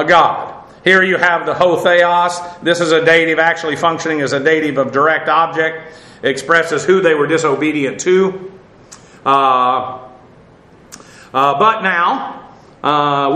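A man's voice: fairly high pitch, sharp tone, roomy sound, rough recording. A man teaching the Bible verse by verse, methodically explaining Greek words and spelling them out letter by letter, with many "uh" fillers and restarts.

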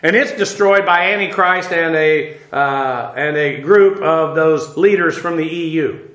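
Man, informal Bible teacher, slightly high voice, echoey room. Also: measured pace, a bit bright. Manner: informal, many fillers, spells out Hebrew words. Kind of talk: verse-by-verse Bible lesson.

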